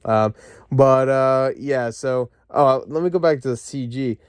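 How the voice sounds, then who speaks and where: A man's voice: mid-range voice, a little slow, smooth, no room sound, clean studio sound. Sarcastic, swearing male movie reviewer. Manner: sarcastic, profane, frustrated ranting with frequent fillers. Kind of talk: casual ranting review. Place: lying in bed at home.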